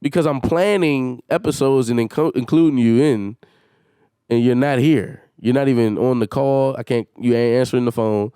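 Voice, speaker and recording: A man's voice: mid-range voice, normal speed, warm tone, clean tone, dry recording, clean studio sound. A man hosting a solo podcast, venting in a heated and exasperated way with emphatic swearing. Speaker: podcast host.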